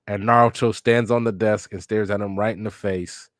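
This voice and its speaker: Joking, profane young man, low and dry. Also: fairly even intonation, fast, hardly any pauses, no echo. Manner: joking and profane, with sudden loud laughing outbursts. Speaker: podcast host reading a manga on air. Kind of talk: casual reaction commentary.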